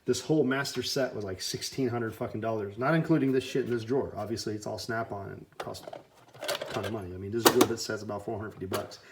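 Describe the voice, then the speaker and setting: An auto mechanic who runs his own shop and has kids leads an unscripted walk through his workshop against a noisy background. His voice is lowish and steady, his pace quick, and his talk a profane, rambling bro rant.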